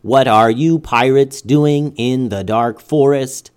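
A stern storybook robot, as a man voices him; slow, measured, commanding. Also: mid-range voice, a little mellow, clear, resonant tone, close to an everyday voice. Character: calm, commanding male robot.

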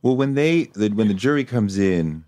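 Deep-voiced empathetic male interviewer. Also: lively intonation, normal speed, mellow, no echo. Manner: thoughtful, empathetic questioning with many fillers. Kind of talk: probing conversational interview.

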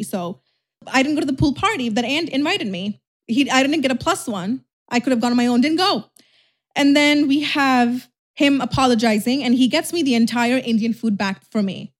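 A young woman influencer telling a storytime vlog, chatty and animated, with lots of "like". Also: fairly high pitch, moderate pace.

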